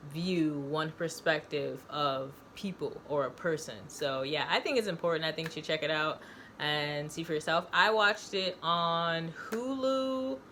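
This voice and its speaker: A woman talking casually to camera about a movie and her own book, loose and chatty with slang. Her voice sits a bit low. A faint hiss of background noise runs under it. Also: a bit bright. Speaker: book reviewer and author. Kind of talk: casual video review and reading.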